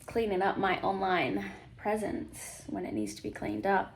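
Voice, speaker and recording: A woman's voice: medium pitch, big pitch swings, a little slow, a little hiss or hum. Emotional, confessional woman vlogging. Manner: emotional and confessional, with many fillers and laughs. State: tearful at times. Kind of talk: candid personal vlog to camera.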